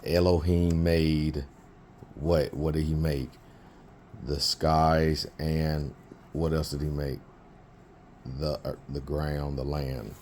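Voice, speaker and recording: A man's voice: a bass voice, level tone, slow, pauses often, darkish tone, a little hiss or hum. A man teaching biblical Hebrew in an informal lesson, thinking aloud with fillers and restarts.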